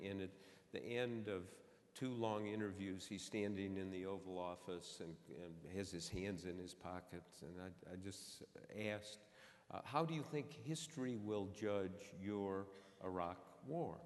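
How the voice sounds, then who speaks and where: A man on a forum panel telling an anecdote to a live audience, slow and halting, pausing and restarting as he goes. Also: low voice, steady tone, darkish tone. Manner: slow, halting storyteller who pauses and restarts. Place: stage in a large auditorium. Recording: echoey hall reverb.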